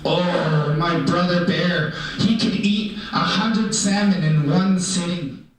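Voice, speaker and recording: A man's voice: sits high, slow. A man playing a cheerful animal-person storyteller, telling tales in a playful, humorous way. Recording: echoey hall from far off.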